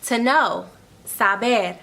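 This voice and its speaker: A woman's voice: fairly high pitch, slow, gravelly, bright, forceful tone. A woman tutoring an online language lesson. She explains step by step, repeats each phrase and keeps checking in with "okay?". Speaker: Spanish tutor.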